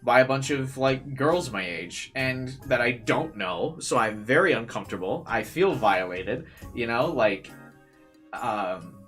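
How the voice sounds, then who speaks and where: Young male streamer, casual storyteller, mid pitch, lots of "like" and cursing, faint music under. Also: measured pace. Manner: animated, swears freely, many fillers.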